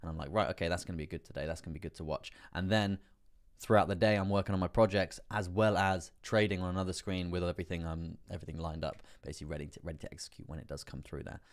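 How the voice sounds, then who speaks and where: A man hosting a live trading stream, chatty and rambling with many fillers, laughing often and getting excitable as prices move. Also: low-pitched, rapid-fire. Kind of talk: live stream market commentary.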